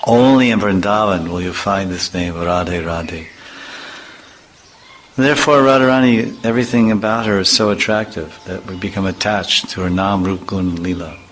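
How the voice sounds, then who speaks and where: Bright-voiced man telling humorous stories. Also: deep voice, moderate pace, slight background noise, low-quality recording. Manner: humorous storytelling with vivid imitations. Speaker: spiritual teacher. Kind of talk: informal devotional talk.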